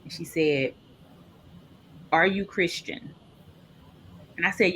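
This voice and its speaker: A woman telling a personal story in an interview, lively and expressive, acting out the people she quotes. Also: a little slow, pauses often, a little hiss or hum. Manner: animated, acts out quoted people with big pitch jumps. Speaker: podcast guest.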